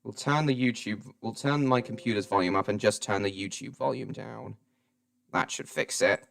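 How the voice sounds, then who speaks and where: A man giving rambling, self-deprecating live reaction commentary, with halting restarts. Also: on the low side, creaky, a bit bright. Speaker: streamer.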